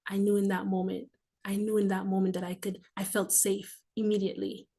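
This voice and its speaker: A woman in her forties hosting a livestream, telling a heartfelt personal testimony. She is emphatic and fervent, repeats phrases for stress and slips into breathy, emotional asides. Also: medium pitch, little pitch movement, fairly quick, mellow. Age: 40s. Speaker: livestream host.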